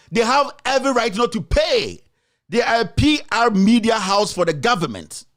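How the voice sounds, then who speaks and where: A man's voice: very high-pitched, lively intonation, fairly quick, fairly bright tone. A man with a Ghanaian accent delivering a heated political rant, repeating his accusations with emphasis. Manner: mixes in another language. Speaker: commentator.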